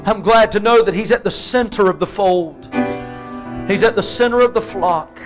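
High-voiced preacher man, shouting at times. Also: normal speed, over music. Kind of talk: sermon.

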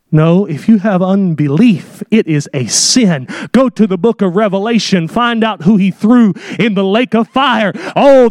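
A man preaching a sermon with dramatic delivery, acting out the people in his story and rising to shouts at his key points. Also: high voice, no room sound, studio quality.

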